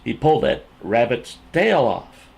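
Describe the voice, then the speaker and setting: A man telling a folksy campfire story in an animated way, repeating himself as he builds the scene. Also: mid-range voice, creaky, breathy edge. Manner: drawn-out, repetitive, animated retelling.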